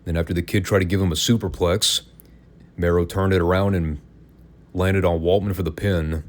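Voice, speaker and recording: A man with a notably deep, low voice hosts a casual podcast review. He talks in an opinionated, sarcastic way, tossing in wry asides as he goes. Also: steady tone, moderate pace. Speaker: podcast host. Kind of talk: casual wrestling review commentary.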